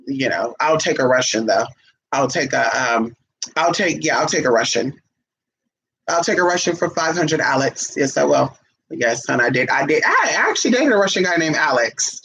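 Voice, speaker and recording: A woman's voice: sits low, moderate pace, slight background noise, rough recording. A woman telling stories in a casual monologue, sassy and brash, calling her listeners honey and slipping into other people's voices. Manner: animated, jumps into quoted voices. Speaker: vlogger.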